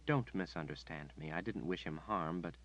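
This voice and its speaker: A man voicing a soft demure duchess. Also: low voice, moderate pace, rough recording. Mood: demure, flattering. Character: soft-spoken noblewoman, demure and flattering.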